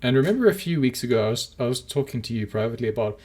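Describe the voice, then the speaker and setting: A man's voice: mid-range voice, lively intonation, very fast, darkish tone. A man co-hosting a podcast, chatting casually and rambling, with lots of fillers and restarts. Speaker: podcast co-host.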